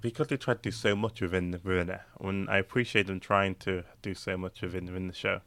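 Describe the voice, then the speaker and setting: A man's voice: deep voice, steady tone, fast, gravelly, fairly bright tone, no room sound. A young man co-hosting a podcast, chatting casually and rambling with many fillers and restarts. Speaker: podcast co-host. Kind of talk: casual chat.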